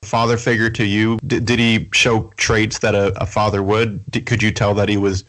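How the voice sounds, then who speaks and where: A man hosting a podcast, asking brief, measured interview questions. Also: fairly low pitch, little pitch movement, fairly bright tone, poor audio. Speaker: podcast host.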